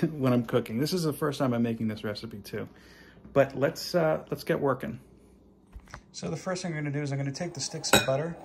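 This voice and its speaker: A man with a medium-pitched voice and some vocal fry hosts a casual home cooking vlog in his kitchen, filming by hand on his phone while poking fun at himself. He's jokey and chatty, full of asides, with slight background noise.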